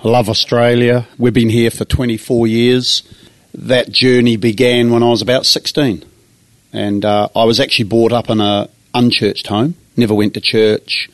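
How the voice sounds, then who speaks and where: A man's voice: medium pitch, moderate pace, dry recording. A man with a New Zealand accent, a pastor telling his life story earnestly in an interview. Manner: earnest, animated when acting out his younger self. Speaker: pastor, guest. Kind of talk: personal storytelling. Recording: dry close sound.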